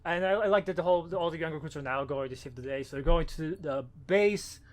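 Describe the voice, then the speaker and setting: A man co-hosting a podcast, rambling through comic plot recaps with lots of swearing. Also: fairly high pitch. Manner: rapid rambling recaps with profanity. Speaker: podcast co-host. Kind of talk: casual comic book discussion.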